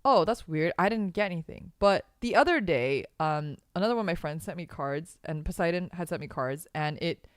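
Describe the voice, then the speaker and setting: Dry-miked woman host, lively voice. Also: on the low side, brisk, hardly any pauses, no room sound. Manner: rambling storyteller, many fillers, bursts into laughter. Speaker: podcast host. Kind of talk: casual chat on a streamed podcast.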